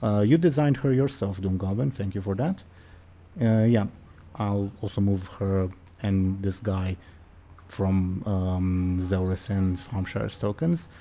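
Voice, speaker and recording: Male game master, slow and hesitant, low dark voice. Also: steady tone. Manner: hesitant, many fillers. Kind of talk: narrating a tabletop game.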